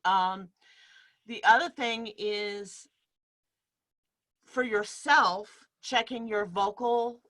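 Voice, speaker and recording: Bright-voiced woman leading an online workshop. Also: mid-range voice, drawn-out words, pauses often. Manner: explanatory, demonstrates speech patterns, laughs easily. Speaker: workshop leader. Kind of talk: teaching a live online workshop. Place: home room in front of a bed sheet. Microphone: video call.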